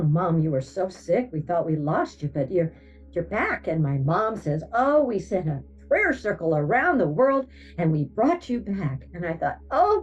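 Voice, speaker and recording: An older woman tells her near-death story in a low voice, leaping up high whenever she acts out her own thoughts. She sounds set back from the microphone, and the recording is dull and muffled, with faint music underneath. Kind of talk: personal testimony. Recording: distant, dull sound with soft music bed.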